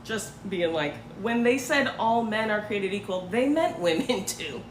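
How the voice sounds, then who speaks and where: A woman's voice: mid-range voice, animated, measured pace. A woman hosting a casual commentary livestream, talking in a loose, sarcastic way and now and then slipping into mocking voices. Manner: conversational, sarcastic, swings into mocking put-on voices. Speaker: host. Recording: echoey room with faint ambient noise.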